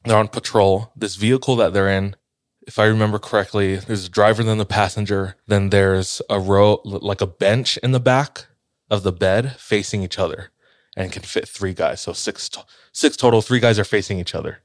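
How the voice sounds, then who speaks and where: A man with a very deep, low voice tells a spooky tale in a relaxed, rambling way, full of fillers and restarts. At tense moments he sinks to a near hush. The sound is close and dry, with no room echo. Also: moderate pace. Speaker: storyteller in a podcast-style chat. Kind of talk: casual retelling of a ghost story.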